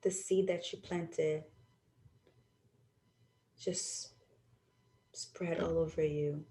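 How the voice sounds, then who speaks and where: A young adult woman podcast host who leads a guided visualization with slow, soothing, drawn-out phrasing. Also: low voice, fairly even intonation, mellow. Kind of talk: guided visualization and reflective talk. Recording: roomy echo.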